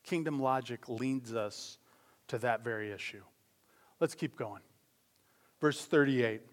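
A man preaching a sermon as pastor, talking conversationally with quick asides and self-corrections. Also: medium pitch. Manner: acts out voices in anecdotes.

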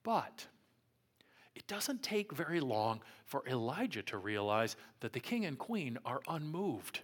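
A man pastor preaching a sermon, telling a Bible story with dramatic swings from loud taunting lines to hushed, near-whispered ones. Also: medium pitch, very animated, measured pace, slightly rough.

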